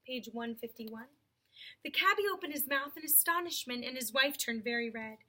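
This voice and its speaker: Woman reader, high and bright, reading a children's novel aloud in an informal way. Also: normal speed. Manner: unpolished, calls out page numbers. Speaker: audiobook reader.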